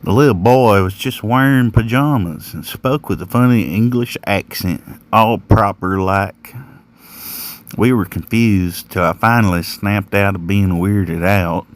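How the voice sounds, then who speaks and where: A man's voice: on the low side, a little slow. A man telling a first-person horror story in a folksy, plain-spoken rural manner. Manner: folksy, rural drawl with slang.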